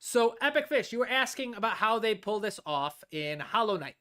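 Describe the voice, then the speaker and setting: A woman's voice: a little high, animated, moderate pace, a bit bright. A woman teaching music composition on a live stream, explaining step by step, often drawing out words while she thinks and checking in with "all right?".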